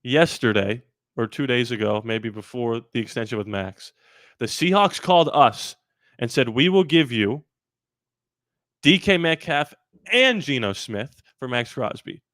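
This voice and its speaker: A man hosting a live sports talk stream, animated and rambling with quick asides. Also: medium pitch, no echo, clean studio sound. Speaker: sports channel host.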